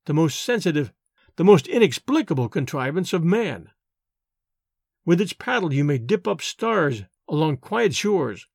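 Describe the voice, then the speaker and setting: High, lively male storyteller. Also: no room sound, studio quality. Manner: expressive, measured literary reading. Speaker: audiobook narrator. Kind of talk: scripted narration of a novel.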